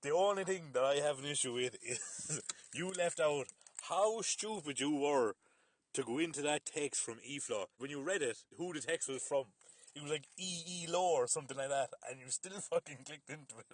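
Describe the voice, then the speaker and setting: A man's voice: fairly high pitch, normal speed. Teasing man in a voice note. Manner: teasing, laughing, swearing. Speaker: friend sending a voice note.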